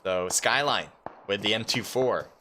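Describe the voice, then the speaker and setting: A man doing live esports commentary on a mobile battle royale match, calm and explanatory, with loud excited bursts at big plays. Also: fairly low pitch, measured pace, noisy background. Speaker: esports caster.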